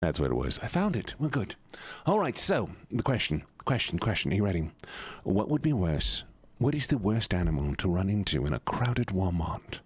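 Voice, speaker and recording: A male streamer with a lowish voice that swings widely up and down as he talks. He chats loosely and jokes with his audience, recorded dry and close with no room sound. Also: no echo. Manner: rambling, chatty, joking with viewers. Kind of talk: casual live-stream chat.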